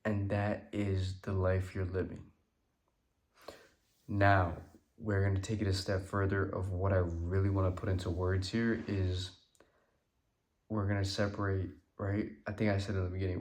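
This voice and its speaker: A man's voice: low-pitched, level tone, darkish tone. A tired, yawning man giving a loose, rambling spiritual talk that keeps asking "right?". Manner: loose and rambling, repeats "right?", slows down for emphasis. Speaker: creator talking about manifestation. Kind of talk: casual spiritual talk to camera.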